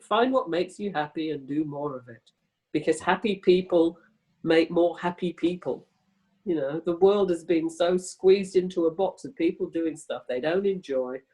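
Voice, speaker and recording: A woman's voice: on the low side, darkish tone, low-quality recording. A woman in her sixties, a guest speaking casually over a video call, frank and rambling, swearing freely. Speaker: interview guest.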